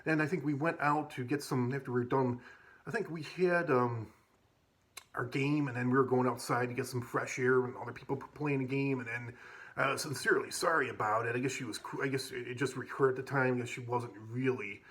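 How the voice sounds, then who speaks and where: A man's voice: medium pitch, fairly even intonation, fairly quick, a bit bright. A man casually telling stories from his school days, rambling with many restarts and plenty of casual swearing. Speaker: vlogger. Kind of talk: casual storytelling.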